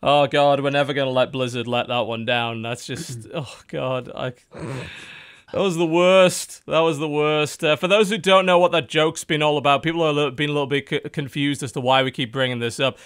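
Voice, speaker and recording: A man's voice: medium pitch, steady tone, fairly quick, few pauses, a bit bright, clear, resonant tone. A British man hosting a casual podcast chat, talking in a chatty, sardonic way and swearing freely. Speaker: podcast host.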